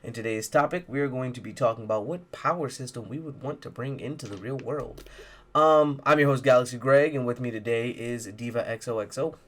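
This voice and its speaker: A man's voice: mid-range voice, fairly quick, fairly bright tone. A young man hosting a podcast in casual chat, teasing his co-host with crude, joking banter.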